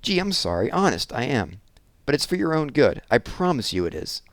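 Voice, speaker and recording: A man voicing an earnest young boy who pleads and apologizes, his voice lifted higher than his narration. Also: big pitch swings, moderate pace, no echo. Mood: pleading.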